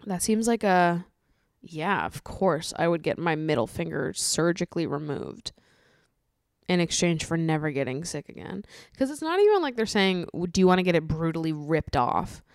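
A woman hosting a solo podcast, chatting casually with lots of swearing, laughter and animated ranting. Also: on the low side, moderate pace, no room sound, studio quality. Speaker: podcast host.

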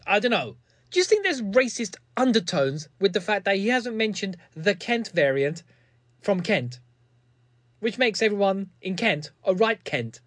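A man's voice: high voice, sing-song, brisk, a bit bright. A man delivers a sarcastic comedic commentary, mocking as he goes. His voice rises and falls a lot. The sound is close and dry, with no room echo.

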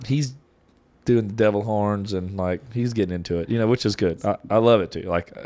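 A man of about forty co-hosting a podcast, animated and often laughing as he tells a story in casual chat. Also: fairly low pitch, a little fast. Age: 40s. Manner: animated, laughs while telling stories. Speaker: podcast co-host.

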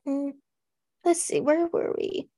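A young woman co-hosting a podcast, chatting in an animated, sarcastic way and acting out quotes. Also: high voice, slow pace. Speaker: podcast co-host. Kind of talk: casual snarky chat.

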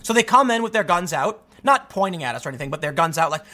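A man's voice: on the high side, animated, fast talker, bright, forceful tone. A young man from the United States telling a story casually, with many restarts and stammers, acting out the people he quotes.

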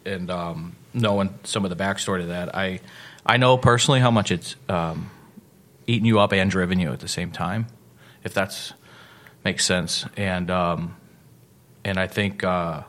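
A podcast host with a very low voice and a bright, forceful tone. He thanks his guest earnestly. He speaks in halting, repeated starts and swears now and then. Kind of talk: casual chat.

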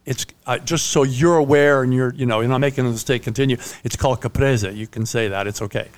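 A man, a native Italian speaker, chats casually with friends on a podcast. He tells stories with a dry, deadpan delivery, and his voice sits at a middle pitch. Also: quick pace, smooth. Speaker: podcast co-host. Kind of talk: casual chat, storytelling.

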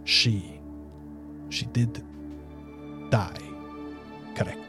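A man's voice: lowish voice, drawn-out words, music in the background. A man as a cold scheming male official.

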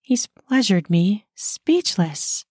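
A woman narrating an audio story in the first person, with a brisk, intimate telling. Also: mid-range voice, very animated, a little mellow, slightly rough, no room sound, clean studio sound.

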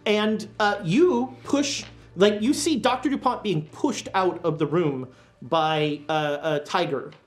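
A woman with a lowish voice runs a tabletop horror game, describing scenes in a loose, chatty way full of ums and likes. Faint music plays behind her. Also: slow. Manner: relaxed, filler-heavy storytelling. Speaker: game master.

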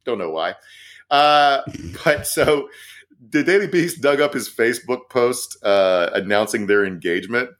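A young adult man co-hosting a casual comedic news chat, profane and sardonic with quick asides. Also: mid-range voice, animated, a bit bright. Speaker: podcast co-host.

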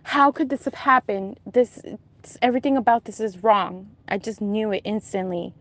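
A woman's voice: mid-range voice, fairly even intonation, moderate pace. A young woman telling a vivid dream in an intense, emotional, breathless way. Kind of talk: casual storytelling, recounting a dream.

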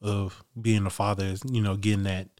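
Easygoing man with a low voice, podcast guest. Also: a little fast, no echo, studio quality. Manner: relaxed, agreeable, short replies. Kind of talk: casual chat.

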